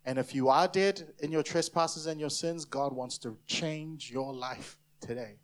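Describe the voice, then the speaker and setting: A pastor from New Zealand delivers a sermon to a church congregation at a measured pace. His voice sits high and his delivery is emphatic, with playful asides in which he acts out the voices of the people he's describing.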